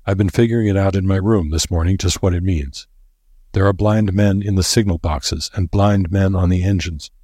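Grim old professor, slow and solemn, done by a guy reading. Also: low-pitched, fairly even intonation, warm tone, husky, no room sound, clean studio sound. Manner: grave and deliberate.

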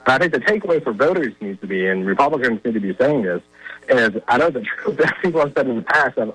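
A man's voice: mid-range voice, lively intonation, fast talker, a bit bright, husky, no echo, rough recording. A man giving conversational political commentary as a guest on a talk show line, with frequent fillers and emphatic points. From Virginia.

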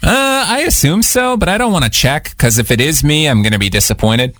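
A man hosting radio in a joking, deadpan way. His pitch swings widely as he plays along with the bit. The sound is dry and close, from a studio microphone. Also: fairly quick, dry recording. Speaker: radio host. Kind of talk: comedic radio banter.

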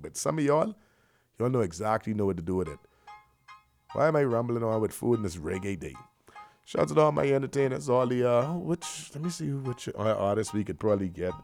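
A radio host with a mid-range voice runs through loose, slangy, joking patter packed with shout-outs.

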